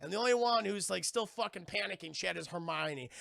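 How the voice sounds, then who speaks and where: Man, live-stream recap, excitable and profane, bright tense voice, dry close sound. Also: sits high, a little fast, gravelly, few pauses, no echo. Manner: excitable, profane, keeps addressing chat. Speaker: streamer reviewing a TV episode. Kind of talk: animated live-stream recap with acted-out quotes.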